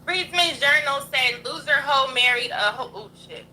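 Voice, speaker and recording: High, bright-voiced woman ranting bluntly. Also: normal speed, a little hiss or hum, rough recording. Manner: blunt, profane, combative. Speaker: livestream host. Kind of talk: heated livestream rant.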